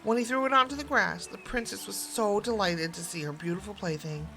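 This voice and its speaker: A woman reading a fairy tale aloud in an expressive, gently paced storytelling voice. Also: medium pitch, brisk. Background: background music.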